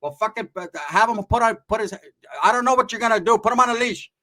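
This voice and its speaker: A man's voice: high-pitched, fast, pushed and bright, voice pushed up. A man voicing his older aunt as she nags him to look after his cousin. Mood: nagging. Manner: nagging, warning. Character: scolding protective older aunt, woman.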